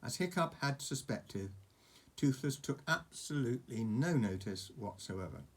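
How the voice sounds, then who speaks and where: An older man reading a children's story aloud for his grandchild, gentle and chatty, pausing to talk to the child. His voice is slightly husky and of ordinary pitch. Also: expressive. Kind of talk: storybook reading over a message.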